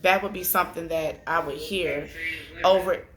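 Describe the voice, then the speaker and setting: A woman in her thirties telling a personal story to her viewers in an emotional, chatty way, tearful after crying, with many pauses. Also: on the low side, steady tone, a crowd in the background. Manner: conversational, addresses viewers directly, drawn-out filler pauses. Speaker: spiritual vlogger. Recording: echoey room.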